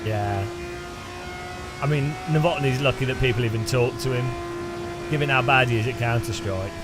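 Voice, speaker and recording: A British man with a mid-range voice and a British English accent streams a sim race over loud music, talking at a moderate pace. He chats with viewers casually, joking, laughing often, and greeting chat by name.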